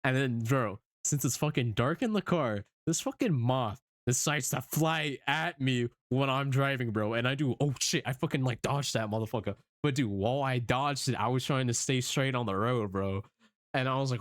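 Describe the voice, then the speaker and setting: A young man streamer telling a story in casual chat, animated, swearing often and laughing as he goes. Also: medium pitch, moderate pace, no echo, clean studio sound.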